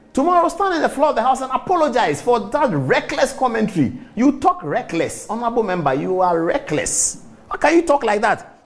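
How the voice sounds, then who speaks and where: Emphatic Ghanaian man with lively pitch. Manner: emphatic, repetitive scolding, big pitch swings. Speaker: morning show host. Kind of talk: opinion commentary.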